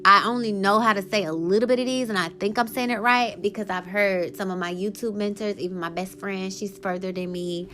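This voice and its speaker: A young adult woman hosting her own podcast in casual solo chat, excitable and quick to laugh, slowing down to read out lists. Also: medium pitch, slight background noise. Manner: chatty, excitable, laughs often, slows down reading lists. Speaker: podcast host.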